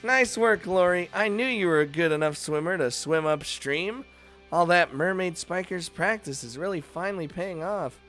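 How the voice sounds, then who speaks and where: A man's voice: high-pitched, normal speed, fairly bright tone, faint music behind, pitched above the performer's own voice. A man voicing a practical young woman companion who speaks in a matter-of-fact, lightly teasing way. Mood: friendly.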